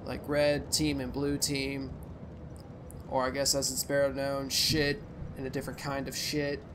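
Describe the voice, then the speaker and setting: A young man hosting a let's play, giving rambling, profane gameplay commentary with sudden loud outbursts. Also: mid-range voice, completely flat delivery, measured pace, background noise.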